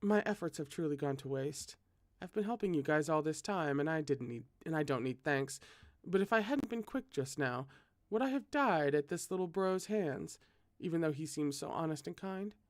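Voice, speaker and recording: A friendly-seeming young man who hides a monster, as a reader puts him on talks breezily with a quiet edge of mockery. The voice is mid-pitched, close and dry. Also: animated, normal speed, no room sound, natural voice. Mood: mocking. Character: smiling easygoing monster posing as a young man. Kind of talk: audiobook read-aloud.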